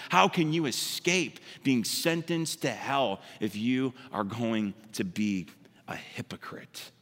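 Animated preacher in a reverberant hall. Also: male voice. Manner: animated preaching, mimics hypocrites in high voice; drops to quiet, intense tone for emphasis. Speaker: pastor. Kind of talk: sermon.

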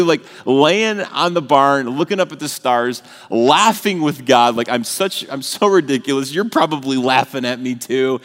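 A man's voice: mid-range voice, normal speed, hardly any pauses, fairly bright tone. Earnest man preaching in a reverberant hall. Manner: earnest, building to emphatic repeated phrases. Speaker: pastor. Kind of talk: sermon.

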